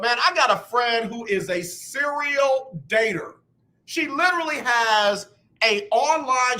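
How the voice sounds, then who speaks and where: A man hosting a radio talk show, chatting casually and acting out both sides of conversations. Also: sits high. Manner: animated, acts out both sides of talks.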